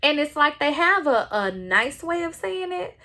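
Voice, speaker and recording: A woman with a Texan accent talks alone on her podcast. Her voice sits high and her pace is slow and deliberate. She speaks with earnest, impassioned conviction. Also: big pitch swings, sharp tone. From Southeast Texas. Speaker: podcast host. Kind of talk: solo podcast monologue. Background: no other speakers or sounds.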